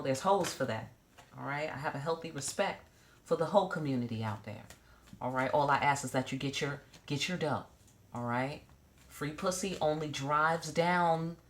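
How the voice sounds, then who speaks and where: A woman giving a casual tarot reading to camera, blunt and profane, with joking asides and repeated check-ins of "okay?". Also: sits low. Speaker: tarot reader.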